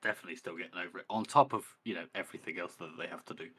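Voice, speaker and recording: A man's voice: low-pitched, very fast, a bit bright, husky. A man co-hosting a book podcast, talking casually and hesitantly with many fillers. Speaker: podcast co-host.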